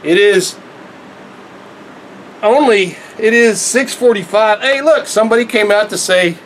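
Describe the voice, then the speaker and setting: A man's voice: high-pitched, measured pace, pauses often, a little hiss or hum, poor audio. A man giving a casual, rambling vlog monologue, earnest and preachy and breaking into chuckles. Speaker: vlogger.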